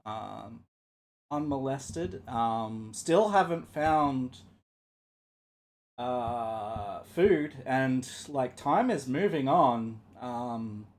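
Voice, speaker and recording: A man casually narrating a shared video game session, unhurried and full of ums and uhs. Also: medium pitch, lively intonation.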